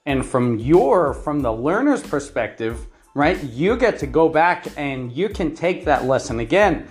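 An online English teacher talks to learners at an unhurried, deliberate pace, going through a numbered list of points. The speaker keeps asking "right?" and sounds keen, with soft music faintly under the voice. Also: medium pitch, sing-song. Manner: enthusiastic, repeats "right?" and lists points by number. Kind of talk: talking-head advice to learners.

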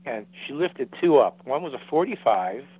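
A man's voice: medium pitch, big pitch swings, normal speed, breathy edge. Older man telling a story over a phone line. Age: 70s. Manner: rambling, repeats and restarts, acts out quotes. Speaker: guest. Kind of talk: casual storytelling. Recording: dry tinny phone-like line.

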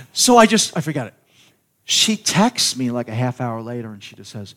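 A middle-aged pastor preaching a sermon in a loose, conversational storytelling way, often repeating and restarting words. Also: male voice, mid-range voice, sing-song, brisk, a bit bright.

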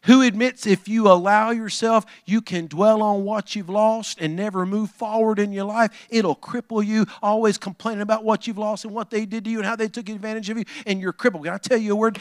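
A man preaching a sermon, folksy and talking to the congregation, swinging from low asides to shouted calls. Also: steady tone, fairly quick, hardly any pauses, dry recording, studio quality. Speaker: pastor.

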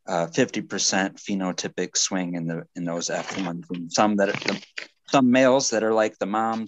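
A man's voice: low-pitched, a bit bright, a little hiss or hum. A man hosting a casual podcast chat, rambling at length and getting technical about plant breeding. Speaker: podcast host.

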